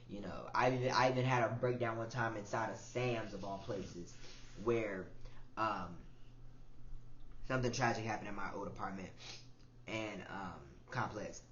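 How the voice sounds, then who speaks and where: A man's voice: lowish voice, slight background noise. Emotional young man musing in a roomy space. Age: 20s. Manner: emotional, repetitive, soft-spoken with sudden louder swells. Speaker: podcast host. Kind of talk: reflective personal monologue. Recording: roomy, dull lo-fi audio with faint ambience.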